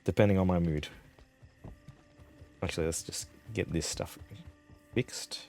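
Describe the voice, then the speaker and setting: Low-voiced Australian man streaming casually. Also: measured pace, darkish tone. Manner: rambling, chuckles often, swears casually. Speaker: game streamer. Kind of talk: casual live-stream chat.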